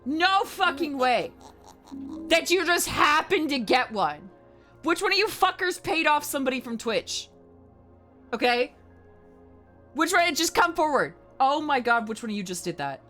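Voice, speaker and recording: A woman livestreamer chatting casually to her viewers. She is excitable and swears a lot, swinging between shouting and mumbling. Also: high-pitched, unhurried, long pauses, faint music behind.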